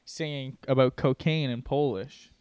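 A man's voice: mid-range voice, fairly even intonation, unhurried, a little mellow, clear, resonant tone, no echo. A man co-hosting a casual comedy podcast, rambling with lots of fillers and laughing often. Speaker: podcast co-host.

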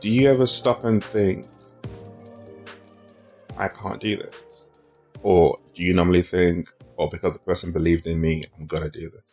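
A man with a very low voice hosts a conversational interview and responds earnestly to his guest. Faint music plays behind him. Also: steady tone, normal speed, pauses often, a little mellow. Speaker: podcast host. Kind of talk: casual interview chat.

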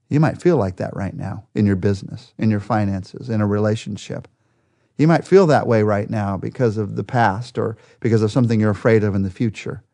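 Guy doing a daily bible teaching, earnest, voice jumps up high when he hits a point. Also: a little mellow. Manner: earnest, builds to emphatic high peaks when stressing a point.

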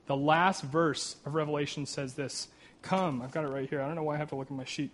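An earnest man preaching a sermon in a fairly high-pitched voice. He reads scripture with rising emphasis and breaks it up with casual asides and jokes at his own expense. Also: steady tone, fairly quick. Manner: earnest, with frequent "right?" asides and self-deprecating humor. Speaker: pastor.

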